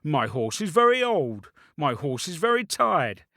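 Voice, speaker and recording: A gentle old villager explains himself in plain, earnest words, voiced by a man telling a story. The voice is dry and close. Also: on the high side, very animated, unhurried, no echo, heavily acted. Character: kindly old man on an old horse.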